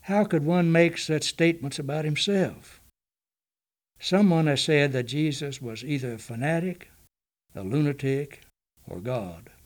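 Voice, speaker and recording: A man with a slightly raised voice reads a Bible study passage at an unhurried pace. His delivery is measured and deliberate, and he stops to give each scripture reference. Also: a little high.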